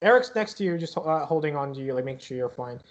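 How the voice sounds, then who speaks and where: A man narrating a tabletop game as game master, in a loose, halting way. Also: on the high side, expressive, lo-fi sound, a crowd in the background.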